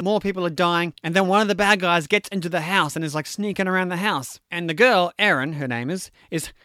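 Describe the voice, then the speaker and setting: High-voiced man chatting about a film. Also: smooth, dry recording, studio quality. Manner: animated, chatty, jokey storytelling with fillers. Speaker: movie recapper. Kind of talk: casual movie recap.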